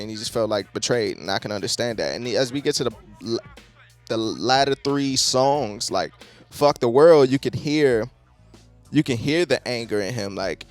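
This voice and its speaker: Casual male album reviewer, mid-pitched, salty and rambling, faint beat underneath. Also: lively intonation, moderate pace, faint music behind. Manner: loose, profane, heavy on "like". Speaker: music reviewer.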